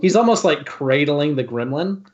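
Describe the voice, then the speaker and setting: A man's voice: on the high side, expressive, normal speed, darkish tone, highs cut off. A man narrating as game master in a tabletop game, hesitant with lots of fillers.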